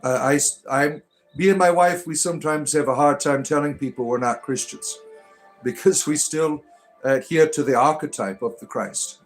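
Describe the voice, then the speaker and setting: A man's voice: fairly high pitch, normal speed. Man, middle-aged, livestream host, irreverent, joking, faint background music. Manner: irreverent, joking, mock-preachy asides. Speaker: livestream host answering chat. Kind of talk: casual joking livestream chat.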